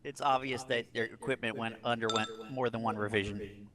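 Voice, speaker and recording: A man's voice: mid-range voice, steady tone, a little fast, crowd noise. A man playing a tabletop role-playing game, talking in a dry, matter-of-fact way. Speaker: player. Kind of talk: casual tabletop game play.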